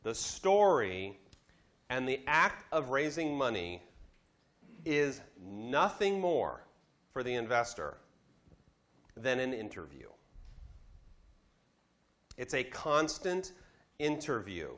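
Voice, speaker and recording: A man teaching a class, telling a business story in a lively lecture style, acting out the voices he quotes. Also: mid-range voice, takes it slowly, long pauses. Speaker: instructor.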